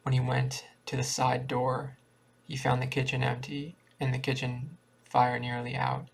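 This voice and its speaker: A man reading a short story aloud in a plain, steady way with small restarts. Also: medium pitch, measured pace. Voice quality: creaky. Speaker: reader.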